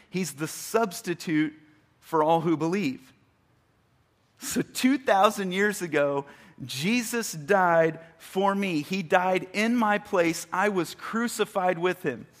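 A man preaching a sermon, emphatic, rising to loud bursts and reading scripture slowly and deliberately. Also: high voice. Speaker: pastor.

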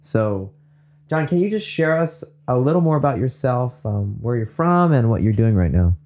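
A young Southern Californian man hosts a casual faith podcast, upbeat, eager and laughing often. His medium-pitched voice is a little mellow, with lively intonation at a normal speed.

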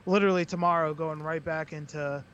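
A young man from Western Massachusetts, a wrestler chatting as a podcast guest in a joking, animated way. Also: fairly high pitch, fast, dull audio, a little hiss or hum. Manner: joking, animated, mocking impressions. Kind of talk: casual chat.

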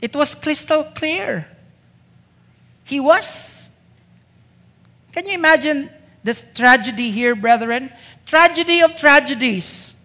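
A man's voice: very high voice, pushed and bright. A man preaching a sermon to a congregation, emphatic, driving points home with repeated rhetorical questions. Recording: long reverb of a hall.

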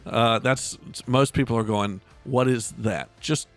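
Halting middle-aged male podcast host. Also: mid-range voice, soft background music. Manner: joking, halting with many restarts. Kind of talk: casual Christian podcast chat.

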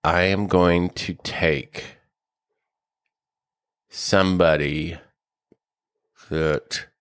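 A man's voice: sits low, steady tone, very slow, clear, resonant tone, dry recording. A man co-hosting a golf podcast, ranting in mock anger, swearing and joking with his co-host. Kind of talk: casual chat.

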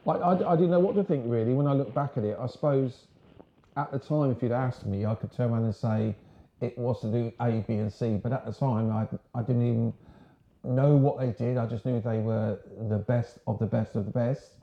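A man's voice: medium pitch, fairly even intonation, brisk, lo-fi sound. Chatty older English man, roomy sound. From Sussex, England. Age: 60s. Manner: chatty, rambling, frank. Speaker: guest, ex-marine. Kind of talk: casual interview storytelling.

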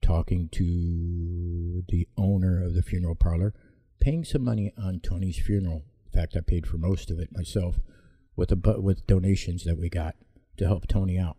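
A man tells his viewers a long, wandering story in a low voice. His tone is dark and gravelly, and he speaks bluntly, stopping often to correct himself mid-sentence. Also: steady tone, normal speed, no echo. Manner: rambling, self-correcting, blunt. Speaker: vlogger telling a personal story. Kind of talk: casual rambling storytelling.

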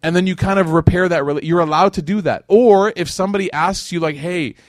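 A man delivers a relaxed religious lecture at a brisk clip, keeping it conversational. He leans on "like" and "right?" and slips into the voices of the people in his stories. The sound is dry and close, with no room around it. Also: high-pitched, dry recording. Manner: conversational, acts out quotes, many "like" and "right?". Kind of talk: casual religious lecture with storytelling.

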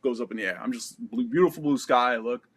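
A man telling a combat story from his military service in a casual, animated and profane way. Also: mid-range voice, fast talker, slight background noise. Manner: animated, profane, acts out quotes. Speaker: military veteran.

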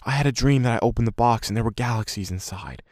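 A man's voice: mid-range voice, fast talker, darkish tone, no echo, clean studio sound, voice pushed up, close to an everyday voice. A man voicing a curious, earnest son who is desperate to learn a family secret. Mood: dreamy.

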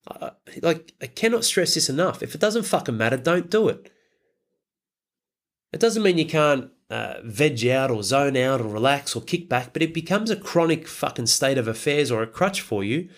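A man's voice: medium pitch, animated, moderate pace. Blunt, swearing man. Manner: blunt, emphatic, heavy swearing. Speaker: coach of a fathers' group. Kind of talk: motivational talk.

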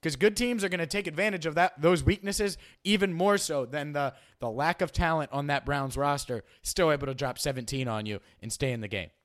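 A man's voice: fairly high pitch, fairly quick, hardly any pauses. A man hosting a sports podcast, analyzing his team and arguing with imagined critics, often repeating himself as he starts a thought. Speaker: podcast host.

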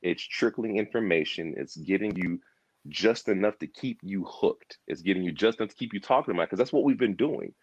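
In this casual pop culture discussion, a husky, low-voiced man speaks fairly quickly about a TV show. He's animated and rambling, circling back to repeat himself and performing lines aloud. The audio is dull, with no room sound.

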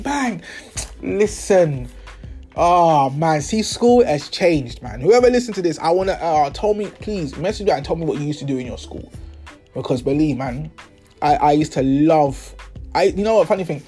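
A man's voice: fairly high pitch, mellow. A young man, hosting a podcast and telling stories in a casual, slangy, swearing way, acting out the people he talks about. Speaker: podcast host. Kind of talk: casual storytelling monologue.

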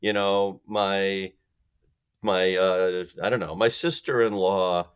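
Speaking slowly in a low, steady, clean-toned voice, this guest expert on a sales podcast makes his points emphatically. He also plays out phone calls, switching between different voices.

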